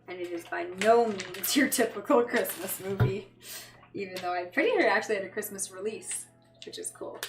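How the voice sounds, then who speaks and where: Her mid-range voice is animated and brisk, with music playing behind her. She's a fashion designer chatting on a livestream as she works, rambling and cursing when things frustrate her; the room is echoey and noisy.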